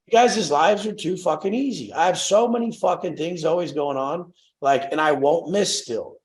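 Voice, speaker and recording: A man's voice: on the high side, moderate pace, reverberant. A man coaching clients on a call, ranting bluntly and profanely, rambling as he goes.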